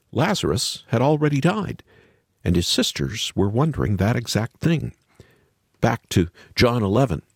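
A man's voice: medium pitch, husky, dry recording, clean studio sound. A man giving scripted devotional radio teaching, telling a Bible story expressively and asking the listener rhetorical questions.

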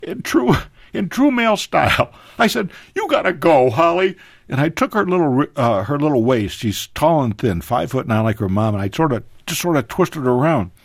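A man telling a personal story as a guest on a radio talk show, animated, his voice leaping higher at emotional moments. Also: brisk, vocal fry, breathy edge, dry recording, studio quality. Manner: animated, pitch jumping high in emotional moments.

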